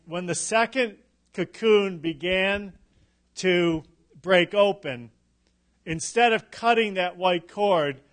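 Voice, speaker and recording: Middle-aged male pastor, high-pitched, slow and emphatic delivery, light humor. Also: a bit bright. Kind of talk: sermon.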